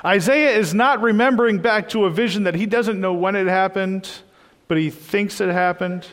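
A man's voice: high voice, moderate pace, a bit bright, in a large hall. A man preaching a sermon in a church, earnest and emphatic, often repeating his phrases.

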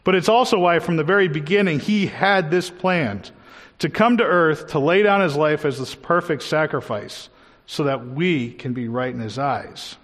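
A man preaching a sermon earnestly, slowing down to stress his key words. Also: on the high side, fairly bright tone. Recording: long hall reverb.

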